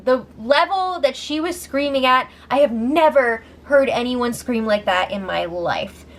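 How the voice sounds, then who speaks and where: A young woman giving a casual, excitable recap of a reality show, laughing often as she talks. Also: high voice, unhurried.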